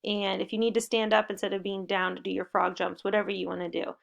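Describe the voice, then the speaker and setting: A woman's voice: medium pitch, flat delivery, fast, vocal fry, highs cut off. A woman teaching a spelling lesson to young children, giving upbeat and encouraging step-by-step instructions. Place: home recording.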